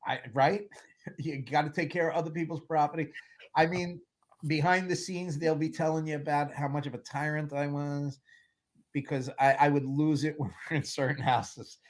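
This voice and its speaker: Animated man telling stories. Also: a little high, normal speed. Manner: animated storyteller, acts out quotes, laughs often. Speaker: film producer guest. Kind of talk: casual interview storytelling.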